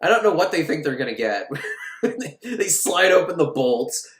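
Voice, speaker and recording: Lively joking man recapping a film. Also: on the high side, normal speed, reverberant. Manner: joking, profane, laughs often. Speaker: film podcast host. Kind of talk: casual comedic film recap.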